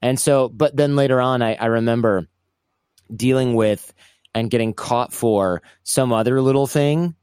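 This man speaks at medium pitch, a little slowly, with a clean tone on a dry, clean studio recording. He's an interview guest casually recounting his past, animated, restarting often as he stumbles, and acting out voices of those he quotes.

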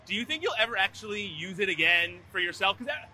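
A man with a high, very bright voice, talking quickly. He asks a guest questions in a casual, playful manner. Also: expressive. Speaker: interviewer. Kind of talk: casual interview.

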